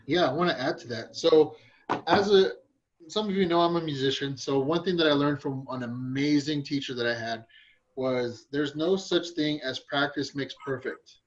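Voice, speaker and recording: A man's voice: medium pitch, moderate pace, highs cut off, a little hiss or hum. A man who works as a real estate agent, sharing tips in an upbeat, chatty way. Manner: upbeat, chatty, laughs easily. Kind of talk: group training chat.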